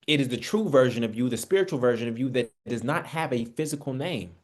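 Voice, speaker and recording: At a quick pace, a medium-pitched man speaks with lively intonation. His online Bible study is spiritual teaching given in a conversational preaching manner, full of rhetorical questions and references to his listeners as family.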